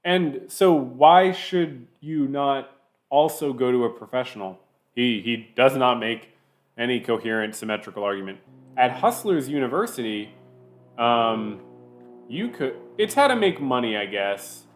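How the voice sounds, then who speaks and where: Male reaction commentator, sarcastic, animated up-and-down delivery. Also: mid-range voice. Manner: sarcastic, pausing the clip to mock it.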